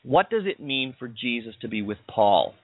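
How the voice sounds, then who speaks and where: A man's voice: medium pitch, big pitch swings, normal speed, slightly rough. A man preaching a sermon, explaining scripture and asking his listeners rhetorical questions. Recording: dry, tinny phone-like sound.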